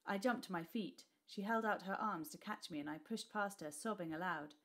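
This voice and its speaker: A woman teacher reading a class novel aloud with expressive storytelling. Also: medium pitch, normal speed, hardly any pauses.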